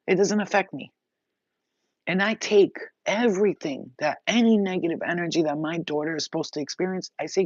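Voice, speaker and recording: A woman's voice: fairly low pitch, fairly quick, dry recording. A woman giving a spiritual message monologue, intense and blunt, swearing freely as she talks. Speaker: spiritual reader. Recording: dull, dry lo-fi sound.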